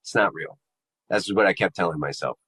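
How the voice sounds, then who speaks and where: A man telling his personal story to an interviewer in a casual, halting way, searching for the right words. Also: low-pitched, pushed and bright, breathy edge, low-quality recording. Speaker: interview guest. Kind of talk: personal testimony in casual conversation.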